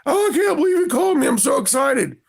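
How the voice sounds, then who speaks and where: A man voicing an excitable, starstruck adult male fan who gushes with excitement. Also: extremely high pitch, fast talker, gravelly, pitched above the performer's own voice, heavily acted. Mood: thrilled. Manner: gushing, squealing with excitement.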